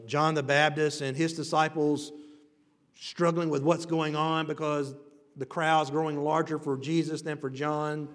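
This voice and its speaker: Emphatic preacher man in a reverberant hall. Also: on the high side. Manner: emphatic preaching, swings from loud to hushed. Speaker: pastor. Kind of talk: sermon. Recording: long reverb of a large hall.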